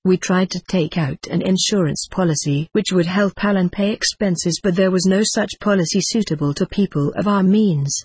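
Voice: medium pitch, moderate pace, few pauses, a little mellow, slightly rough, no echo, natural voice. Reader doing a mild placating mother. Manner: soothing, placating. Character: anxious, mild working-class mother.

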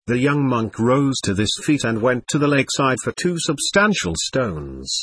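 A man narrating an audiobook in a steady, unhurried storytelling manner. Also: mid-range voice, breathy edge, no echo.

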